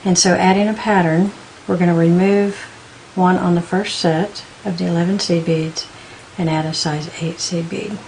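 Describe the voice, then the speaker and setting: A woman giving a patient step-by-step beading tutorial, counting out beads slowly as she works. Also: fairly low pitch, steady tone, creaky, darkish tone, a little hiss or hum, low-quality recording. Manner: patient, counts beads aloud in slow steps. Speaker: beading instructor.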